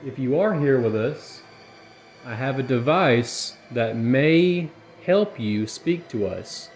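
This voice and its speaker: A man hosting a ghost-hunting investigation, measured and explaining things logically, with some crude joking. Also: lowish voice, a little mellow, slight background noise. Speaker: paranormal investigator host. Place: old hotel at night.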